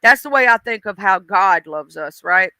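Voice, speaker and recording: Woman streamer, chatty and laughing, very bright, crisp voice. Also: mid-range voice, animated, moderate pace, no room sound, low-quality recording. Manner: chatty, laughing, talks to chat viewers. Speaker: live stream host. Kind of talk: casual live stream chat.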